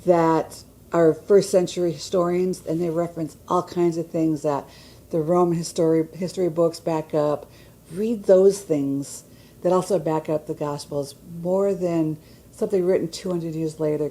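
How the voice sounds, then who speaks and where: A woman's voice: on the low side, dark tone, rough recording. A woman giving a conversational church teaching, reading scripture aloud and checking in with her listeners. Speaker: Bible teacher.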